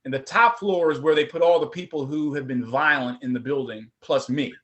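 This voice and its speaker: A middle-aged man, a former prosecutor, telling his personal story at a forum in a lively, conversational way. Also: a little high, brisk, dull audio. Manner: animated, conversational, acts out voices.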